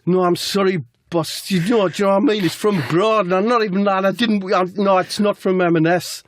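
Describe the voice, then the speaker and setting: A man's voice: fairly even intonation, brisk, lightly acted. A man voicing a nervous young male footballer who pleads eagerly with his boss. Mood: pleading. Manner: high, eager, whiny pleading.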